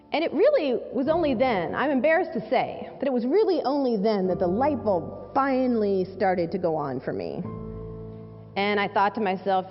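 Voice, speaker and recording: A woman's voice: fairly high pitch, big pitch swings, moderate pace. A woman, a civil rights lawyer, giving a public speech and telling a personal story with emphasis, repeating key phrases. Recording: echoey hall, dull sound, faint music underneath.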